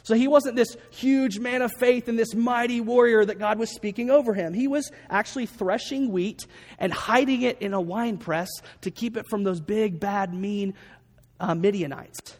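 At normal speed and with a high voice, a male pastor preaches by telling a story and acting out the voices within it, captured with long reverb.

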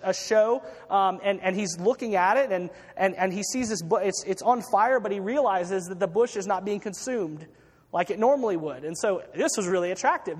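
A man's voice: high-pitched, big-room sound. A man preaching a sermon, retelling a story with acted-out quotes and frequent restarts.

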